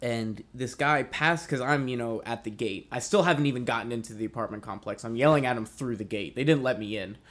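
A young man telling a story in casual chat, rambling and swearing, with lots of fillers. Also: mid-range voice. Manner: rambling, profane, many fillers.

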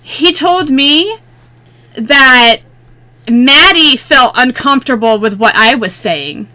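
A woman with a high, bright voice tells workplace stories in a casual chat. She talks bluntly and swears freely, as a co-host of the show. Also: lively intonation, slow. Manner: profane, blunt storytelling. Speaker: podcast co-host.

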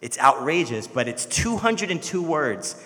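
Young male pastor, casual storytelling sermon, bright tone, echoing church hall. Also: fairly high pitch, measured pace. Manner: conversational storytelling, animated when quoting others.

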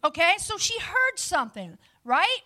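High bright energetic woman preacher. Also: measured pace. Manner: energetic and lively, chatty asides to the audience. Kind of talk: sermon. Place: before a live audience.

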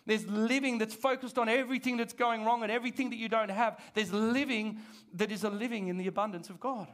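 A pastor, preaching a sermon to his church in an animated, conversational way. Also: sits high, brisk. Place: church service.

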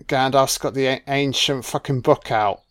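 A man's voice: mid-range voice, steady tone, normal speed. A man giving a casual, jokey, sweary film commentary. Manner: laid-back, sweary, jokey.

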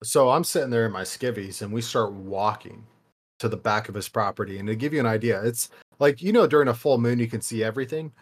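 A man's voice: medium pitch, quick pace. A young man co-hosting a podcast, telling a story in a loose, rambling way with casual swearing. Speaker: podcast co-host.

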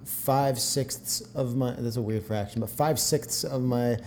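A man's voice: mid-range voice, unhurried, a little mellow, slight background noise. A young adult man co-hosting a podcast, chatting in an easygoing way and laughing often. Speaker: podcast co-host. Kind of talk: casual podcast chat.

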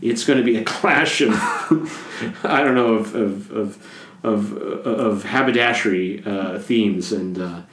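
A man's voice: fairly low pitch, takes it slowly, fairly bright tone, echoey room, a little hiss or hum. A man, a priest, co-hosting a casual chat, joking and rambling playfully. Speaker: priest and podcast co-host.

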